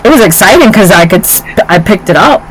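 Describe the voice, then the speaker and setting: Her medium-pitched voice runs a little fast as she co-hosts a casual chat, animatedly telling stories and acting out other people's words. She's in her forties, and the low-quality recording carries a little hiss or hum.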